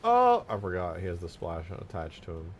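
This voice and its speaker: A young man with a deep, low voice chatting loosely on a live stream, half talking to himself and half joking with viewers. Faint noise hums behind him. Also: wildly swooping pitch, normal speed. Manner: jokey, talks to himself and chat while working. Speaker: streamer modding a video game. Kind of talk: casual live-stream commentary.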